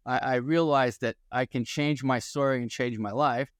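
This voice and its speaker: Man with a new york accent, resonant clear voice, dry close sound, podcast guest in his sixties. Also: mid-range voice, moderate pace, no room sound. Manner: energetic, storytelling, rhetorical questions. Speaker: guest, employment attorney. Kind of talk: podcast interview.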